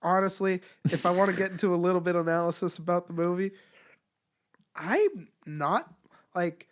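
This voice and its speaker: A man's voice: sits high, moderate pace, slight background noise. A man who is a stand-up comedian, guesting on a podcast and riffing bluntly and profanely in casual chat.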